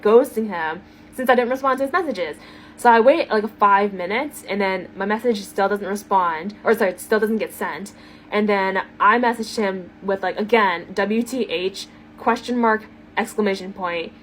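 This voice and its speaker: A woman telling a date story in a chatty, animated way, using lots of fillers. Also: mid-range voice, slight background noise. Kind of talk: storytime to camera.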